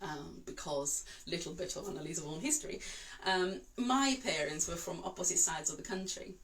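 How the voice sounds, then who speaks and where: An Italian-born woman, an opera singer, talks casually to her online students. Her voice sits on the low side for a woman. She rambles and restarts, filling her pauses with "um". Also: fairly bright tone, low-quality recording. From Italy. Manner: chatty, rambling, with many fillers and restarts. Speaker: opera singer and vocal coach. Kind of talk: casual chat to online class.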